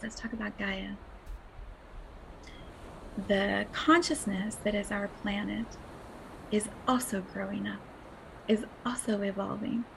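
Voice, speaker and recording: A woman hosting a spiritual podcast, talking in a dreamy, breathy way with frequent laughs and soft whispered asides. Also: mid-range voice, slight background noise, rough recording. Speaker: podcast host.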